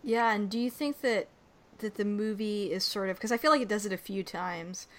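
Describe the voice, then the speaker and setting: A woman of middling pitch talks through a film, feeling her way toward her points. She hedges often and trails off mid-thought, thinking aloud rather than asserting. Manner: tentative, hedging with "like" and "I don't know". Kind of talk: casual film discussion.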